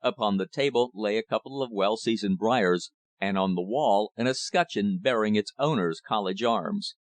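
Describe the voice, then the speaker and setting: Man narrating in a low, dry voice. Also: moderate pace, dry recording. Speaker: audiobook narrator. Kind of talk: scripted audiobook narration.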